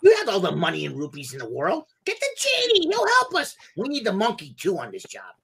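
A man doing a comic impression of a cranky, loudmouthed male parrot sidekick, ranting in an exasperated squawk. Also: high-pitched, wildly swooping pitch, fairly quick, creaky, voice pushed up, heavily acted. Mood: scheming.

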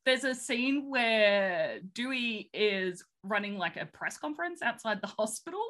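A woman's voice: fairly high pitch, big pitch swings, unhurried, a bit bright. A woman co-hosting a podcast who recaps a film in a chatty, rambling way with lots of fillers and giggles. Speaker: podcast co-host. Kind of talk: casual film recap chat.

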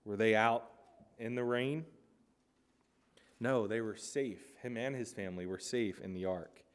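A man preaching a sermon in an earnest, emphatic way, pressing hard on key words and then dropping to soft, low lines. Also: a little slow.

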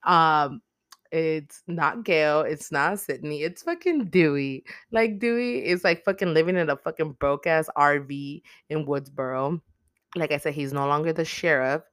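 A podcast host rattles through a casual movie recap in a smooth, clear voice, full of swearing and filler words. The sound is dry and close, with no room echo. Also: medium pitch, a little slow, a bit bright.

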